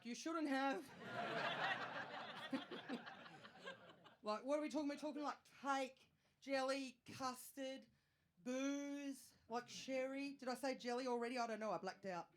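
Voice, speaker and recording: An Australian woman in her thirties performs stand-up on a live stage, her voice sitting a little high as she chats and mocks herself with quick asides. The audience noise comes through clearly around her words. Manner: chatty, self-mocking, quick asides to the crowd. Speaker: stand-up comedian. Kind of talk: stand-up comedy set.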